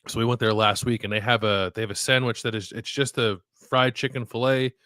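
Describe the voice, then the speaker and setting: A man's voice: medium pitch, little pitch movement, fairly quick, dry recording, clean studio sound. A man co-hosting a podcast, chatting casually and rambling with lots of fillers, trailing off at the ends of thoughts. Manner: rambling, heavy use of "like" and "uh", trails off softly. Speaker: podcast co-host. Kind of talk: casual chat.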